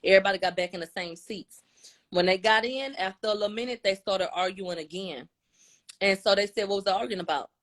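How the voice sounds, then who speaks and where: A woman's voice: medium pitch, a little fast. Woman casually recapping courtroom events. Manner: conversational, retelling quotes with shifts in tone and loudness. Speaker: commentator.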